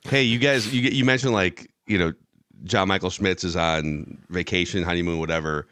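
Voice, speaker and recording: A man hosting a football podcast, asking long, rambling questions and adding quick comments. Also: low voice, steady tone, fairly bright tone, dry recording. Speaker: podcast host. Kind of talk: casual podcast chat.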